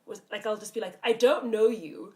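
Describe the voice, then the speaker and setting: A woman from Namibia co-hosting a casual podcast chat, talking in a rapid, breezy way. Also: medium pitch, warm tone, roomy sound. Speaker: podcast co-host.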